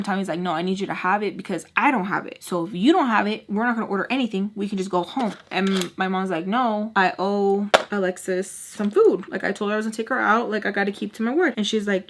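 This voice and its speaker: A woman's voice: mid-range voice, a bit bright. A young woman vlogger telling a personal story in a casual, chatty way, acting out the other people's lines as she goes. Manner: chatty, acts out everyone's lines in quick quoted voices.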